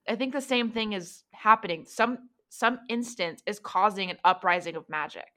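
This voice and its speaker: A woman's voice: medium pitch, normal speed, bright, forceful tone. A woman narrating a tabletop role-playing game as game master, casual and full of fillers.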